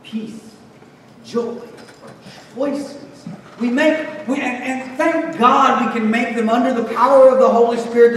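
The pastor preaching here has an extremely high voice, heard with slight background noise. He jokes around conversationally, then drives his points in with emphatic lists, all captured from a distant mic in an echoey hall.

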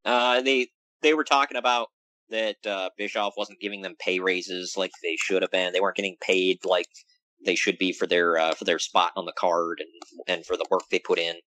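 At a moderate pace, a man speaks on poor audio without echo. He co-hosts a casual podcast about wrestling, recapping matches in a jokey, animated manner and swinging his pitch for emphasis.

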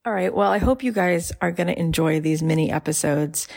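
A woman's voice: fairly low pitch, fairly quick, vocal fry, darkish tone. A woman podcast host addressing her listeners directly with an encouraging sign-off.

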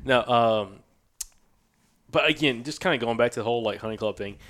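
A man with a Southern US accent co-hosting a hunting podcast, telling stories with lively voices for the people he quotes. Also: mid-range voice, brisk. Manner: animated storyteller, acts out quoted people. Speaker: podcast co-host. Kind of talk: casual hunting podcast chat.

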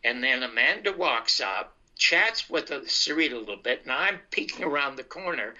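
Older male storyteller, very bright and fairly high voice, lo-fi sound. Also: moderate pace. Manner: animated anecdotal, acts out dialogue. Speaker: comedian telling his life story. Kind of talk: casual storytelling. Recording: dull lo-fi sound.

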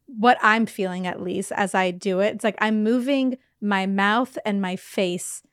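A woman's voice: medium pitch, fairly even intonation, unhurried, clean tone, no room sound, studio quality. A woman co-hosting a podcast, chatting playfully and describing how things feel as she talks. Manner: playful, laughs often, describes her own feelings. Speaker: podcast co-host. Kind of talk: casual chat.

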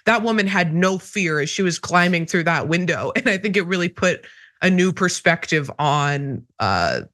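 Casting: bright-voiced woman, emphatic and sarcastic political pundit. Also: on the low side, lively intonation, moderate pace. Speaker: guest commentator. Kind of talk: political commentary.

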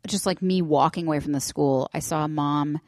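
A woman's voice: sits low, fairly quick, no echo, studio quality. A woman in her thirties co-hosting a casual chat, telling parenting stories and acting out what others say. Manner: animated storyteller, acts out shouts in quotes. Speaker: podcast co-host.

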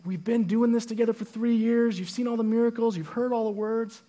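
A man preaching a conversational sermon to his church, animated and full of quick restarts. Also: very high-pitched. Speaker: pastor.

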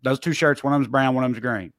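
Profane, animated man telling a story. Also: medium pitch, quick pace, no room sound, clean studio sound. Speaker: podcast co-host. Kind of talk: casual storytelling chat.

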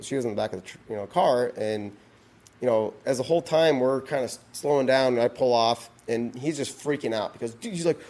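Guy rambling through a story on a podcast, lots of you know and like, mid pitch. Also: brisk, darkish tone. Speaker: podcast guest. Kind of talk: casual storytelling.

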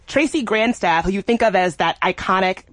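A woman's voice: medium pitch, a little fast, fairly bright tone, no room sound. A woman co-hosting a podcast, chatting casually with enthusiasm and emphasis. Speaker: podcast co-host. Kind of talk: casual chat.

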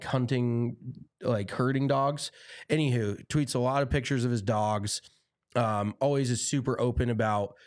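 A man's voice: medium pitch, darkish tone, no echo, studio quality. A man co-hosting a podcast in casual chat, easygoing and chatty with many fillers. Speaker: podcast co-host.

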